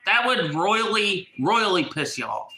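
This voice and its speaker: In a casual vlog, a male YouTuber with a congested, blocked nose speaks in a voice that is high for a man, very bright and sharp, in an echoey room. He's agitated and very animated yet unhurried, repeating himself while searching for words.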